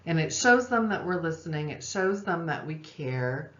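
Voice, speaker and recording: Low-voiced woman teaching in an echoey room. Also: normal speed. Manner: calm and explanatory, with frequent "um" and "okay?" check-ins. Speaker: parenting instructor and social worker. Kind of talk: recorded lesson. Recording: echoey room, dull lo-fi sound.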